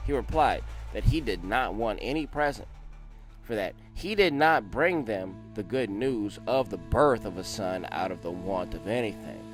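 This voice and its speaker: A man hosting a casual read-along, reading an old text aloud and breaking in with excited, slangy asides that often end in "man" or "boy". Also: mid-range voice.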